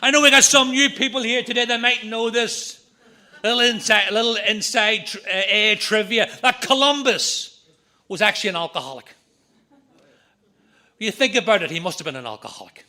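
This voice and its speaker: A middle-aged man with a Northern Irish accent telling his recovery story at a meeting, with quick jokes and punchlines. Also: sits high, bright, forceful tone. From Northern Ireland. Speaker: AA speaker.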